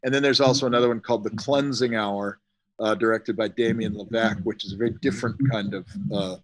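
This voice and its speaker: A man's voice: lowish voice, steady tone, fast, poor audio. Middle-aged guy rambling and joking on a podcast, swears a lot. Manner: rambling, jokey, swears freely. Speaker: guest, special effects artist. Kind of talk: casual podcast interview.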